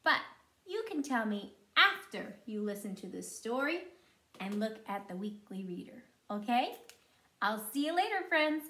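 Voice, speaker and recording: A woman teaching preschoolers in a slow, sing-song and encouraging way, sounding out words syllable by syllable. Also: on the high side, very animated, pushed and bright, roomy sound. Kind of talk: teaching young children.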